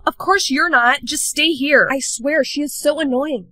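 A woman's voice: high-pitched, normal speed, bright, forceful tone, no echo. A young woman in comedy skits with a bratty, snappy delivery. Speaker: skit performer. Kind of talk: comedic skit acting.

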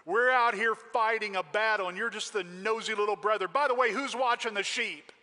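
A man's voice: high-pitched, a little fast, bright, forceful tone. A man voicing an irritated older brother who sarcastically scolds his younger brother. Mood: scolding. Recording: long hall reverb.

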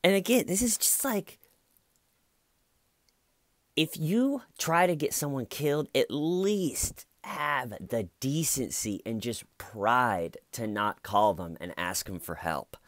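A man's voice: mid-range voice, expressive, takes it slowly, a bit bright, no room sound. A man giving casual, blunt and sardonic commentary on a true crime case.

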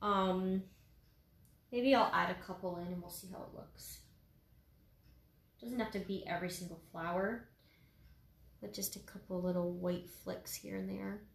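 In a casual painting tutorial, a woman walks through every stroke in a relaxed, chatty manner, peppered with "um" and "like." Her mid-range voice is unhurried, with vocal fry and frequent pauses, and the room gives it a noticeable echo.

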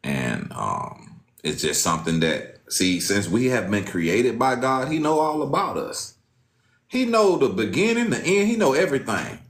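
A man giving an informal sermon, reading scripture aloud and talking in a casual, slangy way, swinging from loud exclamations to low muttering. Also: sing-song, unhurried, roomy sound. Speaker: preacher.

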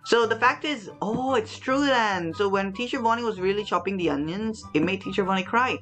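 A woman's voice: medium pitch, brisk, hardly any pauses, music in the background. A young woman with a Hong Kong English accent hosts a children's lesson, chatting playfully, repeating herself and asking her viewers questions. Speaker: children's English teacher and host. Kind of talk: casual talk to children.

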